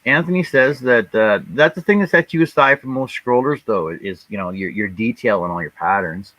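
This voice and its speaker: A man from Canada, a panelist on a casual live stream, relaxed and reading out viewers' comments. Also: medium pitch, moderate pace, dry recording, poor audio. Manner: relaxed, reads out chat comments.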